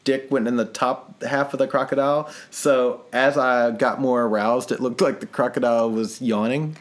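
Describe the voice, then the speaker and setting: A man's voice: mid-range voice, steady tone, moderate pace. Male podcast co-host, casual home recording, chatty and self-deprecating, laughs a lot. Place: living room at home.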